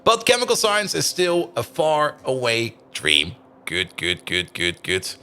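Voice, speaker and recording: A man's voice: mid-range voice, huge pitch swings, measured pace, bright, forceful tone. A man streaming a game live, chatting casually with his viewers and laughing often.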